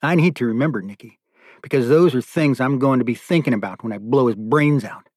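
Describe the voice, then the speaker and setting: A man's voice: medium pitch, a little fast, a little mellow, no echo, clean studio sound, natural voice. A man voicing a tormented adult man who pours out his ordeal in raw, profane bursts. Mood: bitter. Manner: raw, profane, bitter outpouring.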